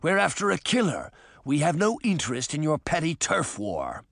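A man's voice: fairly high pitch, wildly swooping pitch, moderate pace, vocal fry, fairly bright tone, no echo, clean studio sound, exaggerated voice. A man voicing a large, stern, blunt man in an audiobook, speaking in curt, commanding sentences. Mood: impatient. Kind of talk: audiobook character voice.

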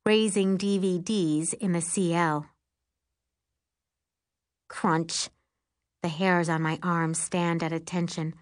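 A woman narrating a first-person audiobook in a lively, expressive storytelling manner. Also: on the low side, slow pace, pauses often.

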